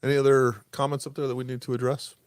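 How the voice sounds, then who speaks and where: A man's voice: mid-range voice, quick pace, dry recording, clean studio sound. A man hosting a casual podcast, telling stories and acting out dialogue with a raised voice. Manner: animated storyteller, acts out dialogue with raised voice. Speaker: podcast host. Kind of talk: casual storytelling chat.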